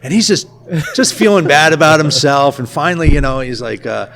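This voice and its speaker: A man talking casually as an interview guest, an animated storyteller who works as a school nurse and firearms instructor. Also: a little high, brisk, gravelly. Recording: faint background noise at a conference.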